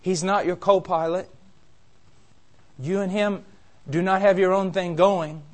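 Guy preaching a sermon, pretty high voice, gets loud and fired up then goes real quiet. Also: fairly even intonation, unhurried. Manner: impassioned, swings from loud urgency to quiet intensity.

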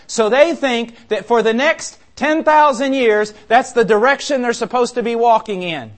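Male preacher, high voice, impassioned sermon delivery with sharp loud-soft swings. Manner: impassioned, emphatic, shifts between quiet and loud.

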